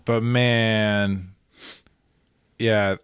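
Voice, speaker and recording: A man co-hosting a casual podcast, talking haltingly, often trailing off and restarting. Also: lowish voice, fairly even intonation, fairly bright tone, clear, resonant tone, no room sound, studio quality. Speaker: podcast co-host. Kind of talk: casual chat.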